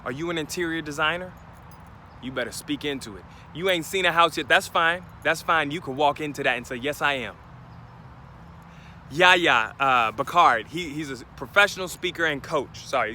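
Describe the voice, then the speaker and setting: A man's voice: a little high, sharp tone, slight background noise. A man giving an emphatic motivational talk outdoors, speaking straight to his listeners. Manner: emphatic, preachy, addresses listeners directly.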